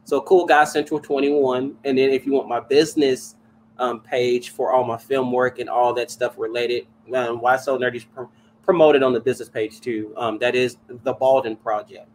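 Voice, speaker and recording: A man from the Louisville area, chatting casually as a podcast guest, animated and quick to laugh. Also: medium pitch, a little hiss or hum, rough recording. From Louisville area, United States. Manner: animated, excitable, laughs and vents loudly.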